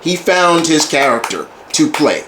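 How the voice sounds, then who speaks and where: Eager man with a slow, roomy-sounding delivery. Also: on the high side, very animated, a bit bright. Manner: enthusiastic fan, repeats and restarts phrases. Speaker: movie reviewer. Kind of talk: casual video review monologue. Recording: roomy echo, faint background hiss.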